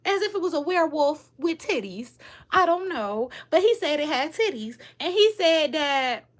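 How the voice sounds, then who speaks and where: A woman's voice: high-pitched, big pitch swings, normal speed. A woman vlogger casually retelling a story in a rambling, profane way, with lots of fillers.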